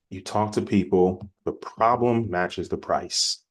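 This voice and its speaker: A man giving a casual, energetic sales-coaching presentation in a plainspoken, conversational way. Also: deep voice. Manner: energetic, acts out quick example dialogues. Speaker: business coach.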